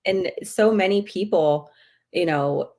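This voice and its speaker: A woman's voice: lowish voice, slow, a little mellow. A woman, a spiritual medium, chatting candidly as a guest on a livestream and acting out her own outbursts. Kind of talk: casual livestream chat.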